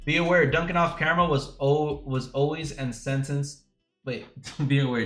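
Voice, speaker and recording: Young male host with a Miami accent; bright, slightly high voice; loose, profane banter with viewers. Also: steady tone, moderate pace, roomy sound, soft background music. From Miami, United States. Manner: loose, profane, joking with chat. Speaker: livestream trading host. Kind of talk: casual livestream chat.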